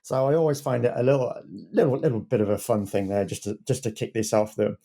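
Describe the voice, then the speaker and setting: A man's voice: medium pitch, steady tone, fast talker, mellow. A man who is a lead editor and podcast regular, chatting casually and rambling a little with repeated words.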